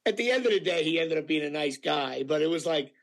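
Gravelly high-voiced man telling stories. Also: fast. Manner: animated storyteller with many fillers, acting out quotes. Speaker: actor guest. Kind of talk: casual anecdote telling.

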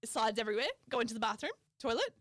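A woman chats on a podcast, her higher voice swinging up and down as she tells animated stories. She laughs often, and the recording is dry and close. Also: racing, no room sound. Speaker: podcast co-host. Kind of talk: casual chat.

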